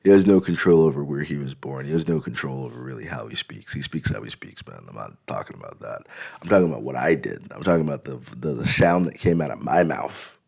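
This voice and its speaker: A man's voice: rumbling low, animated, fast talker, vocal fry, a little mellow, husky. A man in a blunt, rambling, profane casual monologue for his vlog. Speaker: vlogger.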